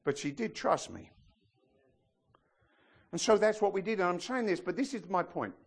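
A man preaching a sermon, telling stories with animated shouted impressions. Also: high voice, moderate pace, gravelly, slightly rough. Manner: animated storytelling, bursts into excited shouted impressions.

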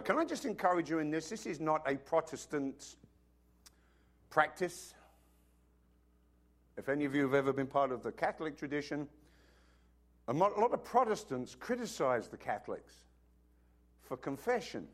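A man preaching a sermon as pastor, telling stories with sudden swings from loud bursts to hushed asides, and he has a cough. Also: a little high, lively intonation, moderate pace, long pauses.

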